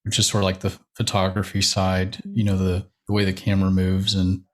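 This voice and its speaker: A man's voice: low voice, completely flat delivery, brisk. A young man, a church media director, talking casually as a podcast guest, rambling with fillers and light laughs. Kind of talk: casual interview chat.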